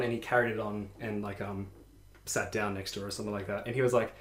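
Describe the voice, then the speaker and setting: A young man telling a story in casual podcast chat, animated and laughing, with many restarts. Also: mid-range voice, fairly quick. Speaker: podcast co-host. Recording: echoey room.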